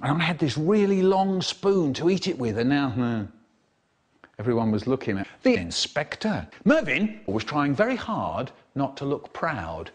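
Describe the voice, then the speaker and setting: Lively, theatrical storytelling man. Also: measured pace. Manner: theatrical, acts out quoted characters with sudden high squeals and hushed drops. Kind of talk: animated storytelling, chopped into a comedy remix.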